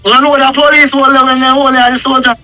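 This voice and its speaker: A Jamaican man tells his story in thick patois, rambling and emphatic. His voice sits very high and sharp, and faint music plays behind it. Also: flat delivery, fast talker, low-quality recording. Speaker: guest telling his story. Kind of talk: casual storytelling in conversation.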